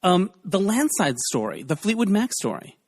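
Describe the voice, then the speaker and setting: A man's voice: sits high, sing-song, moderate pace. A man hosting a podcast interview over a video call, enthusiastic and laughing easily as he asks questions. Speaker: podcast host. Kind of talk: casual interview.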